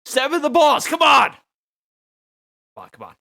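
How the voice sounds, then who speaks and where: A man voicing a rowdy male mercenary who cheers on a fight with hyped shouts. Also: high voice, wildly swooping pitch, measured pace, vocal fry, exaggerated voice. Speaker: voice actor. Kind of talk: voice acting session.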